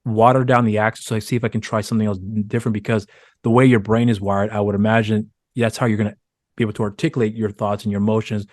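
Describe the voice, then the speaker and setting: A man's voice: lowish voice, little pitch movement, fast talker, darkish tone, dry recording, clean studio sound. A man hosting a podcast interview, asking long winding questions with many restarts. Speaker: podcast host. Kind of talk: casual interview chat.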